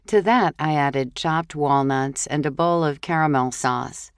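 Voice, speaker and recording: A woman reads a cozy mystery audiobook at an unhurried pace. Her voice sits low and her delivery is measured and even. The recording is dry and close. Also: clean tone, no echo. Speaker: audiobook narrator. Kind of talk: scripted narration.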